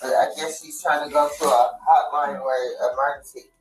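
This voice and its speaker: A relative at the home, speaking haltingly with many fillers. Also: mid-range voice, steady tone, roomy sound, faint music behind, low-quality recording.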